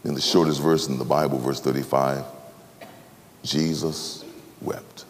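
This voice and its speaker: A man preaching a sermon with dramatic swings between loud, emphatic passages and hushed ones. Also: rumbling low, flat delivery, fast talker, long reverb tail, a little hiss or hum.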